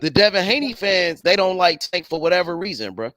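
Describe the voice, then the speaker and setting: High-voiced man talking slangy and emphatic. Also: big pitch swings, brisk, a bit bright, no room sound. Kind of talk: casual chat.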